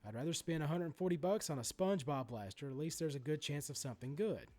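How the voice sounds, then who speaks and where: Animated, profane card-collecting ranter. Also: male voice, fairly high pitch, fast. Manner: animated, profane ranting with many asides and restarts. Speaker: sports card collector vlogger. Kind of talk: ranting vlog commentary.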